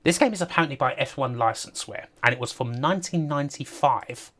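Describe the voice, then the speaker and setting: A man's voice: medium pitch, quick pace, fairly bright tone. A man giving casual, rambling livestream commentary over a game, laughing often and talking to his chat. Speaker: streamer.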